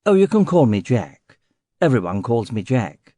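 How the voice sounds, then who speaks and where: A courteous, guarded English gentleman in his sixties, as a male narrator puts him on, speaking in a clipped Home Counties accent. His manners are formal and his tone is mellow and warm. The recording is close and dry, with no room sound. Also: mid-range voice, very animated, moderate pace, dry recording. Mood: urbane. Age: 60s. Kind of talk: audiobook character voice.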